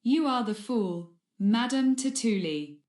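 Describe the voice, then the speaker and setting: A woman's voice: a little high, expressive, slow pace, darkish tone. A woman voicing a cold, malicious male wizard professor in a fan audiobook, with a sneering manner. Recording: roomy echo.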